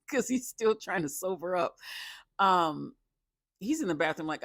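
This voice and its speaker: Casual reality show recapper, laughs a lot and loses the thread, recorded dry and close, mid pitch. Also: moderate pace, long pauses, fairly bright tone, dry recording. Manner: rambling, stops often to restart sentences; laughs a lot while recounting. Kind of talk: casual commentary.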